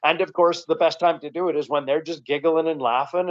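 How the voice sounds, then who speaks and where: A man with a Canadian accent, a comedian chatting as a guest in an interview, rambling and relaxed with frequent restarts. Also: a little high, fairly quick. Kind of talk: casual interview chat. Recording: dull lo-fi recording.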